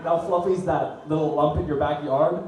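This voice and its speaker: A young man performs a stand-up set in a mellow, darker voice. He mixes dry, deadpan asides with loud punchlines. The sound comes from a distant mic in a very echoey room. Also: fairly high pitch, normal speed. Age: young adult. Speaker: student stand-up comic. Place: small comedy venue, audience laughing. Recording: very echoey room, heard from afar.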